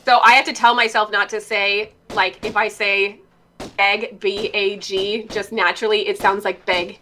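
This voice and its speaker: A woman's voice: medium pitch, flat delivery, normal speed, sharp tone, a little hiss or hum. A woman from the US Midwest with a Minnesota accent, chatting casually on a livestream with lots of fillers. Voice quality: chatty, filler-heavy, frequent laughs.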